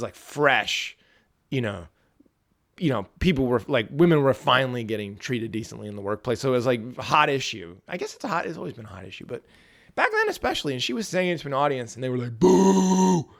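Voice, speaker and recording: A man's voice: mid-range voice, creaky, fairly bright tone. A man hosting a podcast, talking casually and profanely about a book, with frequent restarts. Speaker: podcast host.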